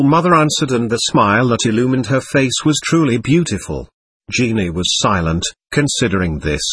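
Husky man reading a spiritual text. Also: mid-range voice, sing-song, fairly bright tone, no room sound. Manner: measured, earnest storytelling. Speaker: narrator.

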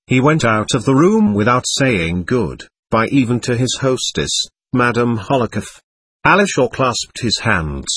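Husky male audiobook narrator. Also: medium pitch, big pitch swings, moderate pace, a bit bright, no echo. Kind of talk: audiobook narration of a classic novel.

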